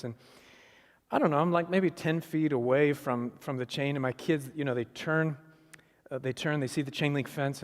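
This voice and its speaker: A middle-aged man giving an animated storytelling sermon as a guest speaker, acting out the voices of the people in his story. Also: fairly high pitch. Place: church sanctuary. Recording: long hall reverb.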